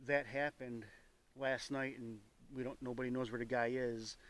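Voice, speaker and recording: A man's voice: mid-range voice, fairly even intonation, moderate pace, a bit bright. A man narrating his own paranormal investigation outdoors in the woods. He talks in a nervous, rambling way, stumbling and circling back over details. His voice is recorded on a handheld microphone out in the open. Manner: nervous, rambling, self-correcting. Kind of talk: solo outdoor vlog narration. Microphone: microphone with a phone beside it.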